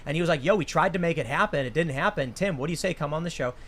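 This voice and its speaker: A man's voice: on the high side, rapid-fire, a bit bright. A young man hosting a casual chat, telling a rambling story full of restarts. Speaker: host.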